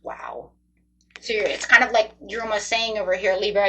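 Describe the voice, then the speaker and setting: A woman's voice: mid-range voice, expressive, moderate pace, a bit bright, rough recording. A woman doing a casual tarot reading, talking straight to her viewers in a chatty, emotive way. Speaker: tarot reader.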